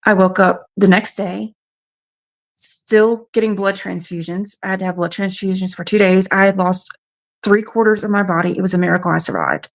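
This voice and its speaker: A woman's voice: mid-range voice, steady tone, moderate pace. A woman from South Carolina, frankly recounting a personal ordeal as a radio show guest. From South Carolina, USA. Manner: frank, matter-of-fact storytelling. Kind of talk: personal testimony.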